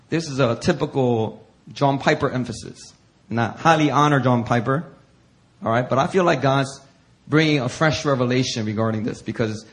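A male pastor preaching a sermon, reading scripture slowly and with building force, then dropping into conversational asides to the congregation. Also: mid-range voice, poor audio. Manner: builds to loud preaching with dramatic slow emphasis on scripture.

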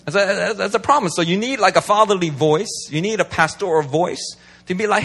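A man's voice: high-pitched, fairly quick, slightly rough. A man who is a pastor, talking casually and animatedly, acting out what people say. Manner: animated, acts out quotes. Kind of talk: casual talk.

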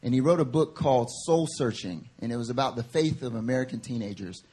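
A man preaching a sermon at a prayer meeting, moving from quiet teaching to fervent, rising appeals. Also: medium pitch, fast, slightly rough.

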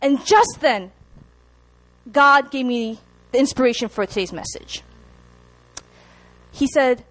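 A young woman preaching a sermon to a congregation, chatty and animated, often checking in with the room. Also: high voice, takes it slowly, long pauses. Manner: animated, chatty, laughs at herself, asks the room to respond.

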